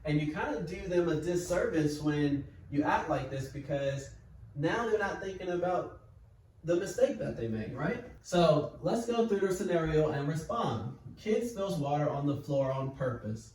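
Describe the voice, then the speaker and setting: A man teaching in a calm, patient, step-by-step way, as if talking through notes on a whiteboard. His voice sits a little high. The sound is very roomy and echoey, picked up by a mic some distance away. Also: moderate pace, slight background noise. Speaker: parenting educator. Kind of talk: explaining at a whiteboard. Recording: echoey room, mic far off.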